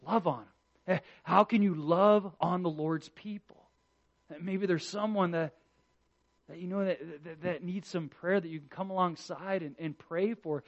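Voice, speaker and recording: A man preaching a sermon in an earnest way, moving between loud emphatic lines and hushed ones and often repeating the first words of a phrase. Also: high voice. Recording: dull lo-fi recording.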